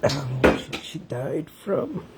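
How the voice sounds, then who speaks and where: Low gravelly woman holding back tears. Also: big pitch swings. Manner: emotional, keeps pausing and addressing viewers. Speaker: livestreamer. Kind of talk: live stream talk to viewers. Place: home room with a fan running. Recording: noisy home livestream with fan hum.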